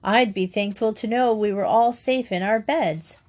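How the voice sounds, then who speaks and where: A woman's voice: medium pitch, moderate pace, darkish tone, lightly acted. A woman voicing a firm young headmistress who speaks sternly and with composure. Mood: worried.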